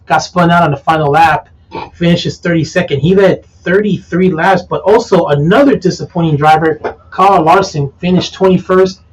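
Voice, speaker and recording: A man with a high voice hosts a casual sports talk show, reading out race finishes and standings with hesitant fillers. He teases his co-host between items. He sits a little back from the mic. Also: normal speed, distant mic, low-quality recording. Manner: teasing, reads lists with hesitant fillers.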